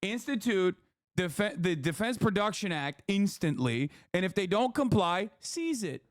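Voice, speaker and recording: A man's voice: high-pitched, lively intonation, a little slow, no room sound, clean studio sound. A man hosting a stream, reacting to clips with sarcastic, profane political commentary. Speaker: streamer host.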